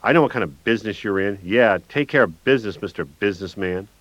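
A man voicing an unhinged, drunk and high jailbird who snarls and screeches in manic outbursts, in a dry, dull audiobook recording. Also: quick pace, fairly bright tone, no echo, natural voice. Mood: manic screeching. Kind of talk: audiobook narration.

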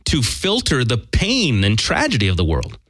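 A man's voice: mid-range voice, normal speed, no echo. A man co-hosting a casual radio talk show, joking and making fun of himself as he chats with his partner. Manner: animated, jokey, self-deprecating. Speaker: co-host.

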